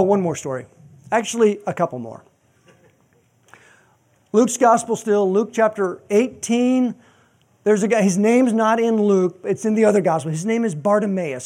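A man's voice: sits high, darkish tone. A man preaching a sermon in a conversational, joking way with frequent asides. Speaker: pastor.

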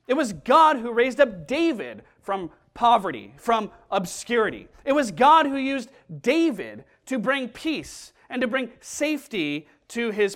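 A man preaching a sermon, emphatic and deliberate, repeating key phrases and slowing down to stress them. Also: high-pitched, fairly bright tone.

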